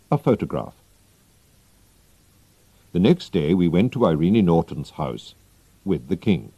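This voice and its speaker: Male audiobook narrator: slow, low, mellow, expressive, dull dry audio. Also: slightly rough, dry recording. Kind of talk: slow, clear graded-reader narration.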